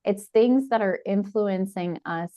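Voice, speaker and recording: A woman's voice: medium pitch, unhurried, mellow. A woman hosting a podcast, speaking thoughtfully in casual conversation. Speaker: podcast host.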